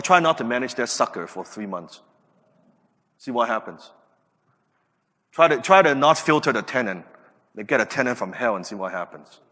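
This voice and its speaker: Full of rhetorical questions, this emphatic motivational talk comes from a man in his late thirties who hosts a podcast. He speaks at a medium pitch, his voice bright and forward, echoing in a long, reverberant space.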